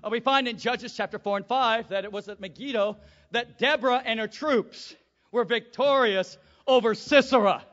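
A man preaching a sermon to a congregation, swinging from quiet asides to shouted peaks and calling for amens. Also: very high-pitched, moderate pace, in a large hall, highs cut off.

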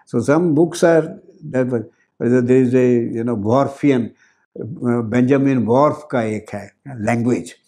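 A man's voice: mid-range voice, a little slow, dark tone. An older man with an Indian accent, a professor explaining grammar in a lecture, repeating key words and adding Hindi asides. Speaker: professor giving a talk on grammar.

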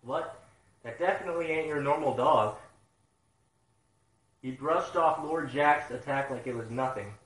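A man reading a manga chapter live and reacting with excited, profane outbursts. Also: a little high, a little slow, long pauses. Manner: excitable, swears a lot, loud outbursts. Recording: roomy sound, mic at a distance.

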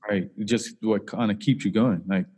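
A man hosting a podcast, relaxed and encouraging, with many hesitant fillers. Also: fairly low pitch, normal speed, slightly rough, big-room sound. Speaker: podcast host. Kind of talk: casual interview chat.

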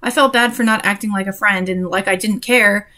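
A woman's voice: mid-range voice, brisk, pushed and bright. A young woman reading a story aloud and breaking off for sarcastic, exasperated comments on it. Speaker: reader and commentator.

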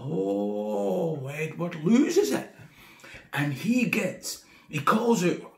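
A man's voice: fairly high pitch, lively intonation, slow pace, gravelly, reverberant. A man with a Scottish accent telling a comic history tale in a chatty way full of wry asides. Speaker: history tour guide storyteller. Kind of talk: casual comic storytelling.

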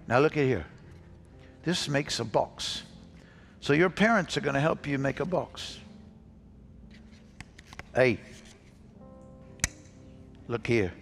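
Male pastor, coaxing kids through call-and-response, lively gravelly voice. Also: a little high. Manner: upbeat, coaxing, repeats phrases for kids. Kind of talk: leading children in call-and-response. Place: church sanctuary.

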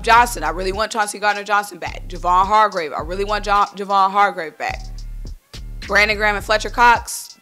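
A woman from talks football in a casual vlog, blunt and animated as she addresses her viewers directly. Her voice is bright and forceful at an ordinary pitch, and soft music plays faintly underneath. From Philadelphia. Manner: animated, worked-up, blunt, speaks to viewers as y'all. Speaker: sports vlogger. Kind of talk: casual sports opinion vlog.

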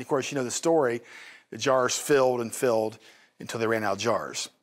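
A man's voice: medium pitch, a little fast. A man, a pastor co-hosting a TV talk show, teaching from the Bible in a folksy, emphatic way and turning to his wife with asides.

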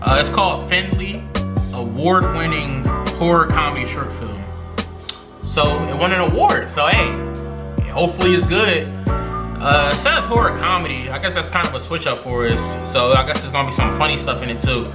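A man's voice: a little high, moderate pace, loud music behind the voice. A young man hosting a reaction video, with joking, slangy banter. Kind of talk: casual reaction commentary.

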